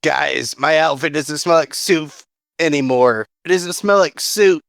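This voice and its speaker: A man voicing a cheerful, excitable female adventurer in a tabletop game. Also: on the high side, unhurried, creaky, no room sound, pitched above the performer's own voice. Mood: chipper. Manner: bright and excitable.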